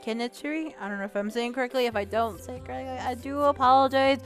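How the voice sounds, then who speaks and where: A woman's voice: a little high, steady tone, quick pace, soft background music. A young woman hosting a gaming channel vlog, chatting casually in a rambling way with lots of fillers, restarts and the odd swear word. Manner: rambling and chatty, with many fillers and self-corrections.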